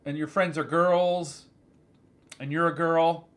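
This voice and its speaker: A man hosting his own channel, telling a story in an animated, joking casual chat. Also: fairly high pitch, takes it slowly. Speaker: channel host.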